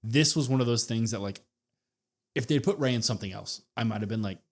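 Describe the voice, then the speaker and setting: A man's voice: mid-range voice, a little fast. Podcast co-host, male, mid-range voice, easygoing and chatty. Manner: relaxed, thinks aloud with fillers. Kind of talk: casual wrestling review chat.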